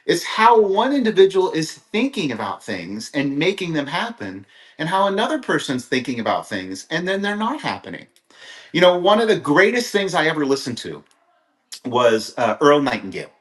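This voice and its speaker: A man's voice: on the high side, sing-song, moderate pace, fairly bright tone, echoey room. A middle-aged man from Kansas giving an earnest, rambling motivational talk on a livestream, telling stories with frequent restarts. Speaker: motivational speaker. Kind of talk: live-streamed motivational talk.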